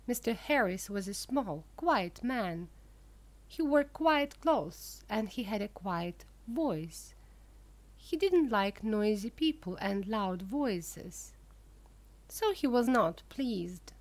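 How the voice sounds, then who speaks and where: A woman narrating a graded-reader audiobook in a slow, clear reading voice. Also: medium pitch, expressive.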